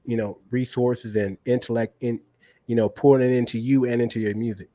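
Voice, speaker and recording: A man's voice: medium pitch, steady tone, brisk, mellow, no echo. Laid-back man hosting a livestream. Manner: laid-back, talks straight to the viewers and checks the stream. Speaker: livestream interview host. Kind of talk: casual livestream chat.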